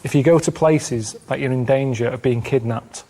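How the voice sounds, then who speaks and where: A man with an English accent telling stories from his travels in a flat, deadpan, plainspoken manner during a TV interview. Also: medium pitch, normal speed, husky. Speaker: show's traveller. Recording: music underneath from a TV clip.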